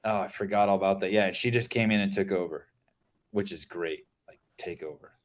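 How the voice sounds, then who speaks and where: Male podcast host, low-ish voice, excitable and profane, loose casual chat. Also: a little fast. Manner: excitable, swears, trails off into fillers.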